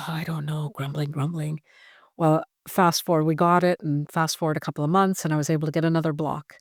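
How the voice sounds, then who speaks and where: Female interview host; lowish pitch, dry recording, emotional and halting delivery. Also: level tone, dry recording. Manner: emotional, halting, many restarts. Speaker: podcast host and family caregiver. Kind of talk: heartfelt conversational interview.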